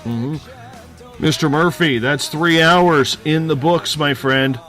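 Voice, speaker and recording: A man hosting a radio talk show. He speaks in a brisk, announcer-like way as he reads questions and wraps up the show. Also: a little high, a bit bright, faint music behind.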